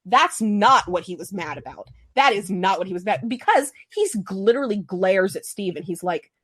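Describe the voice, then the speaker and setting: A woman hosting a podcast, talking fast and emphatically in casual fan chat. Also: medium pitch, breathy edge, dry recording. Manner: excitable, rapid, emphatic. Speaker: podcast host.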